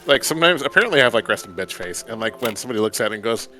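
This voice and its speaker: Bright-voiced man telling stories on stream. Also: fairly low pitch, very fast, a little hiss or hum. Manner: animated storyteller who acts out voices. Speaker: streamer host. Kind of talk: casual chat while gaming.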